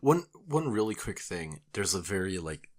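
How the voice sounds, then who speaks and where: A laid-back man chatting on a podcast, with a very low voice that still swings widely up and down as he gets excited. His speech is slangy, with a lot of "dude" and "like.". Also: normal speed. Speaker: podcast co-host. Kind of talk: casual chat.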